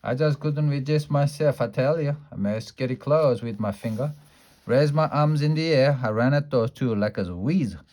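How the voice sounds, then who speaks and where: Guy reading a kids chapter book out loud, lively storyteller, average pitch. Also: moderate pace. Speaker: storybook reader. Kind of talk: children's book read-aloud.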